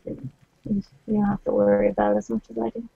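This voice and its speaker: A woman's voice: mid-range voice, level tone, quick pace, creaky, slightly rough. A woman playing a tabletop role-playing game, speaking hesitantly and repeating words. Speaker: player. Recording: dull lo-fi audio.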